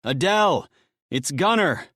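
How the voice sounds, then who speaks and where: Male narrator doing desperate storybook husband, frantic, yelling, raised pitch, dry recording. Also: animated, a little slow, no room sound, exaggerated voice. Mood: frantic shouting. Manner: frantic, yelling through a metal barricade. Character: desperate husband, adult man, shouting for his wife.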